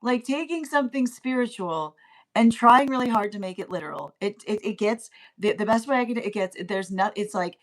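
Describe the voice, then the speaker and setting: A woman giving a spoken tarot reading in a halting, chatty way, often restarting and repeating words. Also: mid-range voice, a little hiss or hum. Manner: grows animated and laughing. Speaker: tarot reader.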